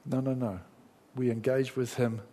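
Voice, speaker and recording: A middle-aged man preaches with a slightly husky voice. He delivers a lively sermon and slips into quick imitations of doubting inner voices. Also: mid-range voice.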